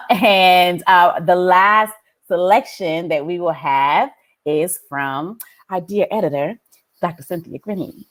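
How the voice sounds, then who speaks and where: A woman moderating an online panel over a video call, chatty and relaxed, with a light lilt. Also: fairly low pitch, slow pace. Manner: warm, chatty, laughing asides. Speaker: event moderator.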